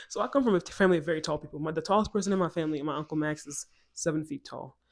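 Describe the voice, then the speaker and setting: A woman in her twenties from West Africa, telling a personal story to her viewers in a chatty, animated way, laughing often and going off on asides. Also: low-pitched, rapid-fire. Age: 20s. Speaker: storytime vlogger. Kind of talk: casual storytelling to camera.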